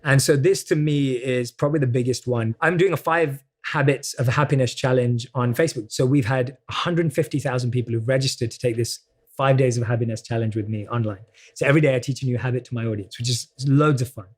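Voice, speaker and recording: A man's voice: medium pitch, quick pace. A man with a British accent, talking earnestly in a conversational interview and explaining self-care ideas step by step. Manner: earnest, explanatory, acts out quoted self-talk. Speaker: guest coach. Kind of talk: conversational self-help talk.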